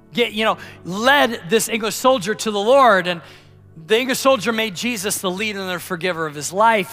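A male pastor preaching a sermon, telling a story and then closing in prayer, rising loud for emphasis and dropping soft when he prays. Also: sits high.

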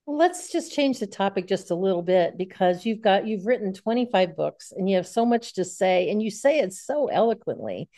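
A woman hosts the conversation, guiding her guest to a new topic in a relaxed, chatty way. Her voice is mellow and medium in pitch, heard dry and close. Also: moderate pace, few pauses, no echo. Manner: conversational, gently redirecting with fillers. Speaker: interview host.

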